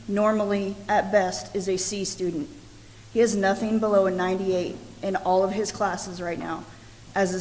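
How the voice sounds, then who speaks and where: A woman, a parent, giving a composed and firm prepared comment at a school board meeting. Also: mid-range voice. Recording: echoey meeting hall, faint hiss.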